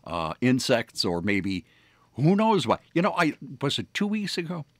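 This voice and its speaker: A man's voice: medium pitch, wildly swooping pitch, moderate pace, no room sound. A man hosting a morning radio show, telling stories in a rambling way with many fillers and restarts. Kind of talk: casual on-air storytelling. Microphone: studio microphone.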